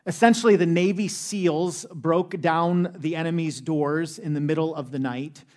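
Chatty American pastor preaching. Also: male voice, a little high, fairly even intonation, normal speed, a little mellow. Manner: conversational and humorous, with frequent "uh" fillers. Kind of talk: sermon.

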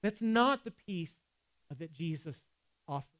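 A man's voice: on the high side, animated, a little slow, a bit bright. A man preaching a sermon in a conversational way, with casual asides and quoted scripture. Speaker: pastor.

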